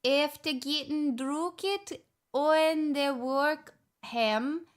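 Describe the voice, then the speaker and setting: A woman's voice: high-pitched, fairly bright tone. Woman putting on a hammy Scottish brogue. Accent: put-on Scottish. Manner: slow, sing-song reading aloud. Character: playful woman doing an exaggerated Scottish brogue. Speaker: streamer.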